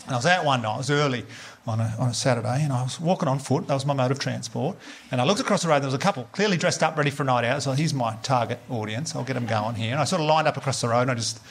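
At a comedy club, with a live audience in front of him, an Australian man works through a stand-up set on a handheld mic. His medium-pitched voice races as he spins chatty stories and teases the crowd.

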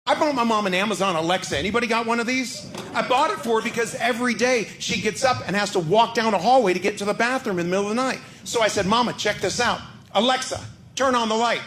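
A man telling a stand-up story, animated and acting out both sides of a conversation. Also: high-pitched, fast talker, slight background noise. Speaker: stand-up comedian.

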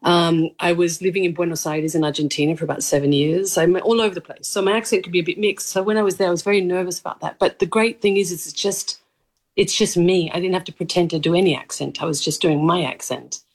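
A woman's voice: fairly low pitch, fairly even intonation, fast. A woman in her thirties with a mild Australian accent, an actress talking eagerly in an interview and laughing often. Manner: bubbly, laughs often, gushing. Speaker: actress guest. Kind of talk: animated interview chat.

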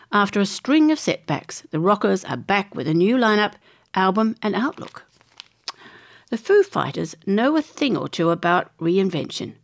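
Australian woman, gravelly fry, reads celebrity news aloud and chimes in chattily. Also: mid-range voice, animated, normal speed. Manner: chatty, chimes in with her own opinions between read passages. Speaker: presenter reading entertainment news. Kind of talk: reading magazine articles aloud with casual asides.

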